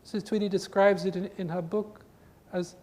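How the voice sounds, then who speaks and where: A man giving an earnest spiritual talk to a group, with emphatic, repetitive phrasing, recorded in a reverberant hall with a faint rumble. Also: fairly even intonation, normal speed, a little mellow. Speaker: spiritual teacher.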